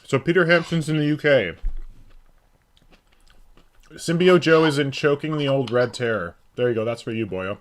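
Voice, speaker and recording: A man's voice: medium pitch, moderate pace, long pauses. A man hosting a casual live stream, joking and reading out viewers' names. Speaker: stream host.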